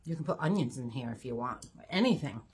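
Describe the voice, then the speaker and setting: Low-voiced woman chatting while cooking. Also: lively intonation, fairly quick, a little mellow. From Georgia, USA. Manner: chatty, folksy, talks to viewers as friends. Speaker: home cooking vlogger. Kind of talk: casual chatty cooking video. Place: home kitchen.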